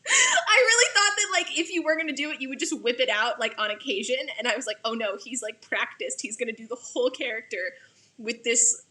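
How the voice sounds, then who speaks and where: Bright, bubbly woman director. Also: fairly high pitch, fast. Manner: gushing, laughs often, rambling with fillers. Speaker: assistant artistic director, director of the play. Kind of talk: casual chat over video call. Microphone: video call.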